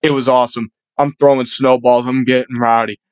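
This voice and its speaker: A man's voice: mid-range voice, flat delivery, a little fast, smooth, no room sound. A young man hosting a casual sports chat, rambling and swearing freely. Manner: profane, rowdy, rambling. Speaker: sports podcast host.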